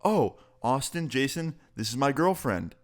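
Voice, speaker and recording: A young man of nineteen who sounds awkward and on the back foot, hedging and defending himself, as a man puts on his friend's voice. He speaks at an ordinary middle pitch. The impression stays close to the teller's own voice. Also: sing-song, unhurried. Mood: defensive. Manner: hesitant, defensive.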